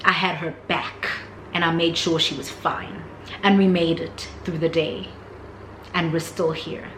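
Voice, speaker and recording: A young woman with a South African accent telling a storytime vlog in an animated, dramatic way. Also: low voice, measured pace. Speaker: vlogger. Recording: roomy with faint noise.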